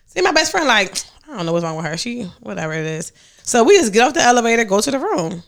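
A young woman hosts a podcast and talks fast, her voice sitting high and swooping all over as she tells a story. Her chat is casual and blunt, full of swearing and animated energy. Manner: animated, profanity-laced storytelling. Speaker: podcast host.

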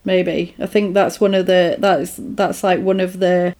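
A woman's voice: on the low side, fairly even intonation, measured pace, a little mellow. A woman casually retelling a film plot in a chatty podcast, with lots of fillers.

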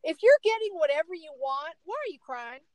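Animated woman telling a story. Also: brisk, dry recording, low-quality recording. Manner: animated, emphatic storyteller with big swings in pitch. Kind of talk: casual storytelling chat.

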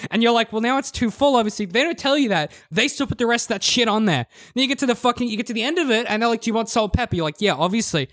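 A man's voice: sits high, fairly bright tone, dry recording, studio quality. A man in casual chat, ranting with swearing and acting out both sides of a shop exchange.

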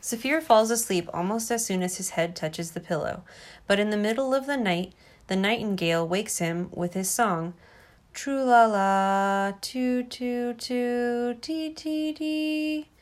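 Mom reading a picture book out loud to her kid, gentle and expressive. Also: medium pitch, normal speed. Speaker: mother reading to her child. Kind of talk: reading a storybook aloud.

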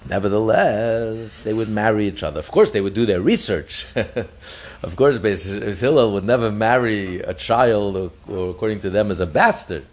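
A man teaching a daf yomi Talmud class, explaining with frequent restarts and acting out the sages' voices. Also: normal speed. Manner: animated, acts out the sages' voices with pitch jumps; repeats and restarts phrases while explaining.

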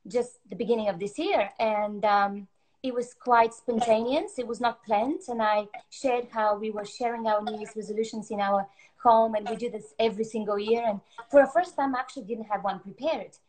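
A woman's voice: a little high, steady tone, moderate pace, a little mellow. A woman pastor from Bulgaria with a Bulgarian accent, chatting casually and laughing easily. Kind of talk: casual chat.

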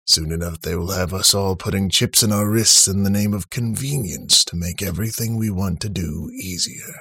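A paranoid, grumpy man muttering his suspicions about being tracked and controlled, as a male narrator plays him. The voice is very low and gravelly, kept hushed and conspiratorial. It is recorded dry and close. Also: normal speed, no echo, heavily acted.

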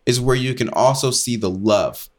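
A man's voice: medium pitch, normal speed. A young man co-hosting a podcast, telling stories and joking in casual chat. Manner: joking, animated storytelling with fillers. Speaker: podcast co-host.

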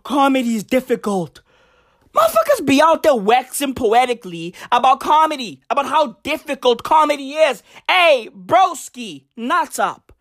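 A woman's voice: high-pitched, a bit bright. A woman comedian delivering a profane, emphatic stand-up rant, hammering her points with repetition.

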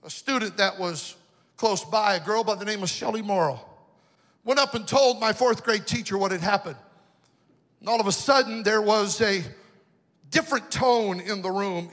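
A man's voice: high voice, animated, a little slow, pushed and bright. A man from the western United States, a pastor, preaching a personal, emotional story with sing-song swells in his delivery. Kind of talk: storytelling sermon. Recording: long hall reverb.

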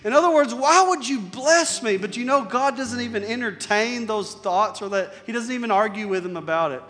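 High-voiced male preacher in a reverberant hall. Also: moderate pace, faint music behind. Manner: conversational preaching, swings between loud emphasis and soft near-whispers. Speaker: pastor. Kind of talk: sermon.

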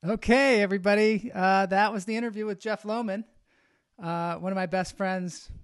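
Male podcast host outro, high smooth voice, relaxed, dry studio sound. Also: moderate pace, no echo. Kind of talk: show sign-off.

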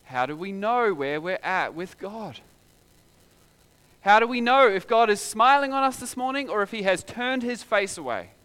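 A man's voice: high voice, lively intonation, normal speed, bright, forceful tone, smooth. A man preaching a sermon in a conversational way, full of rhetorical questions.

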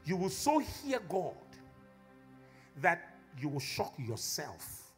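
A male pastor delivering an impassioned sermon in church, building to shouted exhortation. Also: on the high side, wildly swooping pitch, takes it slowly, faint music behind.

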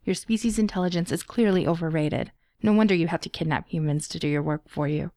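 A defiant young male captive who sneers at his captors, played by a woman. The voice is low with a gravelly edge. The tone is dark and the sound close and dry. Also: fast talker, no echo, lightly acted.

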